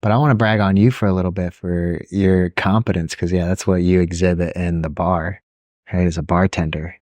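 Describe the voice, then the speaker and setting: A man co-hosting a podcast, chatting casually and telling animated stories, often mimicking people in a higher voice. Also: fairly quick, no room sound. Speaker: podcast co-host. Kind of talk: casual chat.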